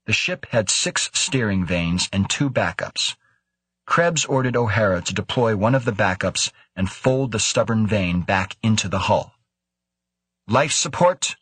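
A man reads a science-fiction novel aloud in a steady, measured way. His voice sits somewhat low and has a husky grain. The recording is dry and close, with no room around it. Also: no echo. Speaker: audiobook narrator. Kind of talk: scripted narration of a sci-fi novel.

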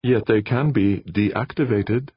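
A man voicing a calm, courteous male alien host who speaks in a polite, measured way. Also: medium pitch, slightly rough, dry recording, lo-fi sound, voice pushed up.

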